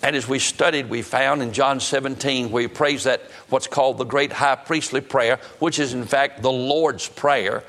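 A man preaching to his church congregation, slowing down when he quotes scripture. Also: medium pitch, fairly even intonation, a bit bright. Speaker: pastor. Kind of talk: sermon. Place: church sanctuary.

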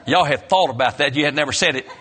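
A man preaching a sermon, telling the story dramatically with emphatic rises and soft, low endings. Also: fast.

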